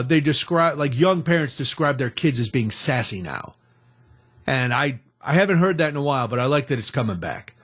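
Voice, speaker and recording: A middle-aged man hosts a talk radio show from a studio mic. His voice sits a little high for a man. He rambles along in a chatty, self-deprecating way. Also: a bit bright. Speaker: radio host.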